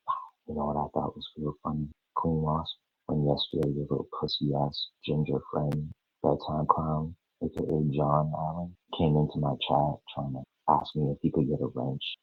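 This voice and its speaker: A man's voice: very deep voice, creaky, slightly rough, no room sound. A man on a livestream, ranting in a sarcastic, mocking and profane way. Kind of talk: livestream rant. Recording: tinny phone-like, dry.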